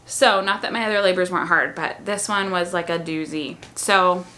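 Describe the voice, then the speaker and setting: A woman's voice: on the low side, fairly even intonation, moderate pace, bright, forceful tone. A young woman casually telling the story of a long, hard labor, chatty and frank, with many fillers and restarts. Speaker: mother telling her birth story.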